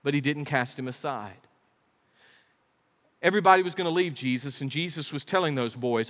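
Male pastor, sermon, emphatic, rhetorical questions, higher voice, long hall echo. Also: moderate pace, pauses often. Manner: emphatic, rhetorical questions, shifts loud and soft.

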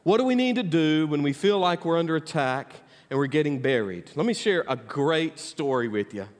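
High-voiced preacher in an echoey hall. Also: male voice, lively intonation, moderate pace. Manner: preacherly, call-and-response, swings from loud to hushed. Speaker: pastor. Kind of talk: sermon.

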